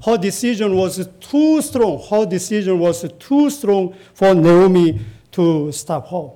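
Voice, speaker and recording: Slow, halting high-voiced male preacher. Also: animated, dark tone. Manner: halting, with frequent pauses and repetitions. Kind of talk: Bible teaching sermon.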